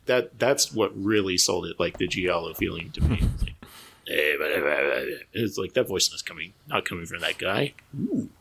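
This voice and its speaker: A man's voice: low-pitched, fairly quick, creaky, hardly any pauses, fairly bright tone, slightly rough. A man talking casually on a podcast, rambling and restarting his sentences, laughing often. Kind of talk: casual chat.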